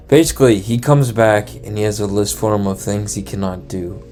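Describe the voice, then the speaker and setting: A man's voice: fairly low pitch, moderate pace, darkish tone, faint music behind. A young man casually retelling a true crime story, slangy and profane, acting out the people he quotes. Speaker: storyteller host.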